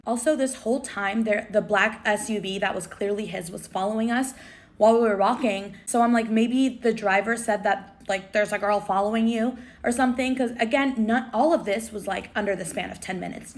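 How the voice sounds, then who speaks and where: A young woman, telling a story to camera in a chatty, breathless, dramatic way with lots of fillers. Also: on the high side. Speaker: vlogger. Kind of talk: casual storytime.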